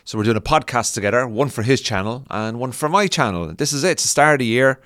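A man's voice: mid-range voice, animated, fast, a bit bright, no echo. A man from the south of Ireland, a guest podcaster chatting casually with dry, teasing quips. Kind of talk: casual chat.

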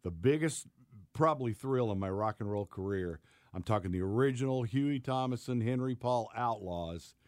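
A man's voice: medium pitch, animated, normal speed, darkish tone, no room sound, clean studio sound. A man from Tennessee, a radio personality, chatting casually as a guest, self-deprecating and reminiscing.

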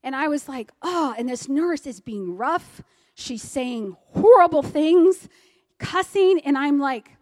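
Woman, middle-aged, earnest testimony, fairly high voice, big hall echo. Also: animated, moderate pace. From Maryland, US. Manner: earnest storytelling, swings loud to soft. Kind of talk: personal testimony. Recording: long hall reverb.

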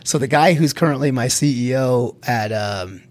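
A middle-aged man from Colorado recounts his career in a relaxed interview. He talks in a lively, easygoing way, laughs often and repeats a word or two as he gets going. His voice sits at an ordinary pitch. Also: normal speed. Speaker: guest, security executive. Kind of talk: casual career storytelling.

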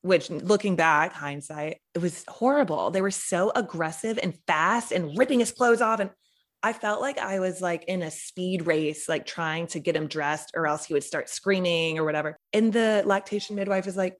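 A woman's voice: on the low side, normal speed. A young woman, a podcast guest, telling a personal story in a chatty way, saying "like" often. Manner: chatty, heavy use of "like".

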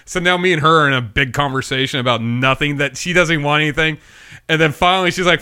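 A man's voice: a little high, quick pace, sharp tone, clear, resonant tone. A middle-aged man co-hosting a podcast, telling a rambling, profane story and acting out the people in it. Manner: rambling storyteller, swears freely, acts out quotes. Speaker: podcast co-host. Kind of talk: casual chat.

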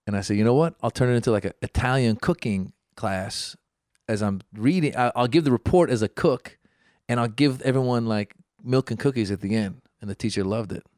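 A middle-aged man co-hosting a podcast, telling stories in an animated way. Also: mid-range voice, brisk, no echo, studio quality. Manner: animated storyteller. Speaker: podcast co-host. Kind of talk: casual chat.

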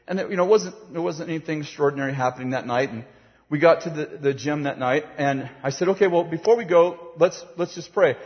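Animated male preacher in a reverberant hall. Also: on the high side. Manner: animated, acts out voices, laughs while telling. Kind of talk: sermon storytelling. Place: large hall with a platform. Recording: dull, reverberant hall sound.

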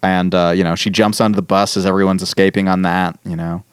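A man with a lowish, smooth and resonant voice talks through a TV episode on a casual podcast. He tells it with energy and jumps into quick impressions of the characters. The sound is dry and close to the mic. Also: no echo. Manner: animated storyteller, quoting characters in quick bursts. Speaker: podcast host. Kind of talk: casual chat recapping a TV episode.

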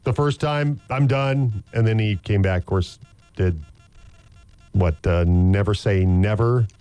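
A man's voice: fairly low pitch, a little slow, warm tone, clear, resonant tone, faint music behind. A man with an American accent co-hosting a morning radio show, telling stories in a joking, rambling way with lots of restarts. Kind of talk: casual chat.

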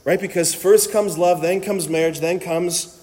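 A man giving an energetic, joking talk to a live audience as a Catholic speaker, with a conversational manner and frequent "right?"s. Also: sits high, measured pace. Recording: long hall reverb.

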